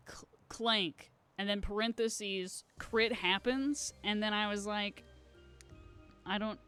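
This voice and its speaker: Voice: mid-range voice, clean tone. A live streamer in casual gaming stream chat, rambling and self-deprecating with giggly asides.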